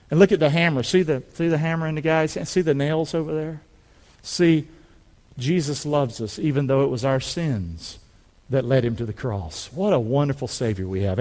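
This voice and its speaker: A man with a North Carolina Southern accent preaching a fervent sermon, pushing his congregation to repeat lines back to him. His voice sits high for a man and swings widely in pitch as he rises and drops. The sound rings with the long reverb of a church hall. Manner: loud, fervent call-and-response preaching. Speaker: pastor. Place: church building.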